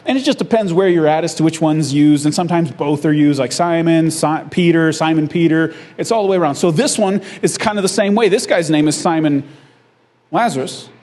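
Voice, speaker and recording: Brisk and fairly high-pitched, this male pastor delivers a conversational, story-driven sermon. He often asks the congregation "right?" and laughs along at his own remarks with animated energy.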